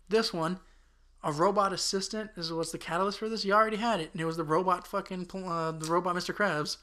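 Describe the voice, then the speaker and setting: Young male podcast co-host, bright tone, profane rant. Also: high-pitched, fairly even intonation, fast. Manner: profane, ranting. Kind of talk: casual podcast chat. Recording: audio-only podcast.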